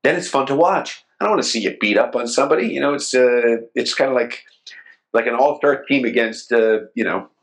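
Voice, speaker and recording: A man's voice: mid-range voice, fairly quick, low-quality recording. A man hosting a sports podcast, chatty and jokey, rambling through stories in casual conversation. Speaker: podcast host.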